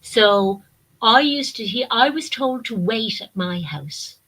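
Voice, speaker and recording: A woman frankly telling personal stories, briskly mimicking people she quotes. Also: fairly high pitch, low-quality recording. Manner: frank, animated, quick to mimic others. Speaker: vlogger. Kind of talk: candid personal storytelling.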